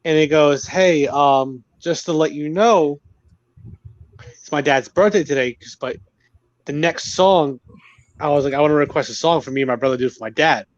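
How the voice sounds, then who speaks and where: A man's voice: a little high, moderate pace, no echo. Man chatting, slightly muffled sound. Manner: relaxed storyteller, quotes people, small fillers. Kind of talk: casual chat.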